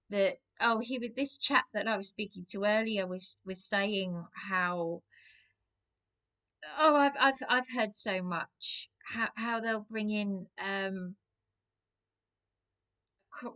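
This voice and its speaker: A middle-aged woman ranting to camera at an unhurried, drawn-out pace. She stumbles, restarts her sentences and drops her voice to hushed asides, with a middle-pitched voice. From England. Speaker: vlogger. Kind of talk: rambling rant to camera.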